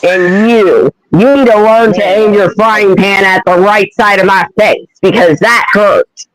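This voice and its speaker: Brief: cartoon girl hedgehog, gentle and slow, voiced by a man, bright tone. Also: high voice, fairly even intonation, rough recording. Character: female hedgehog on the run, polite.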